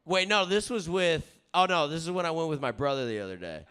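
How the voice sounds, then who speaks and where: A young man telling a rambling, profanity-laced story in a casual chat, often checking in with "all right?" and getting loud when he gets worked up. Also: on the high side, fairly quick. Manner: rowdy, swearing, keeps saying "all right?" and "dude"; gets loud and excited at times. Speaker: comedy podcast host.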